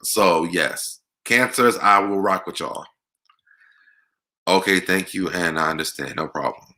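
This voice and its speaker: A man's voice: sits low, measured pace, pushed and bright. A young man hosting a livestream, reading viewer comments aloud and answering them in a chatty, laughing way. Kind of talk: casual chat.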